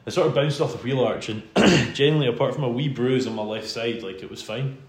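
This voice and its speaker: Here a podcast host with a Scottish accent is the one being interviewed, chatting through a long story, poking fun at himself and laughing frequently. His medium-pitched voice moves fast. The room sounds roomy, with a faint hum in the background.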